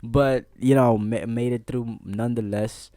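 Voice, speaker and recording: A man telling a childhood story in casual, animated chat, laughing often and peppering it with slang. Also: medium pitch, measured pace, no room sound, studio quality. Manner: animated, laughing, slangy, frequent "bro" and "see what I'm saying". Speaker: vlogger.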